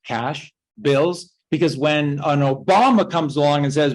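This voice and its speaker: A woman's voice: low-pitched, a little slow, hardly any pauses, darkish tone, poor audio. A woman giving a rambling spoken lecture, emphatic and swearing, firing off rhetorical questions. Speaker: speaker giving a talk.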